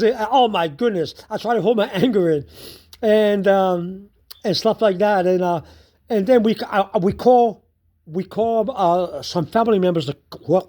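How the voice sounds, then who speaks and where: A person telling a story about their day in a slow, repetitive way, laughing often. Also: mid-range voice, warm tone.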